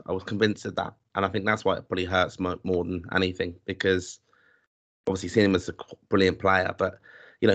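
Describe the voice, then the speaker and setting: An Irish man on a casual podcast, speaking reflectively and with care. His voice sits on the lower side, and he often restarts his sentences as he thinks aloud. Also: a bit bright. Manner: reflective, measured, with many restarts. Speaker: podcast co-host.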